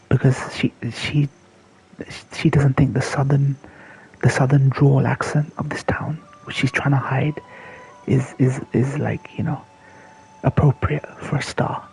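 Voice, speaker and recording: A man's voice: mid-range voice, gravelly, darkish tone, breathy edge, low-quality recording. A man giving casual, rambling livestream commentary over a video game, swearing freely, restarting his sentences and often dropping to a near-whisper. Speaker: gameplay commentator.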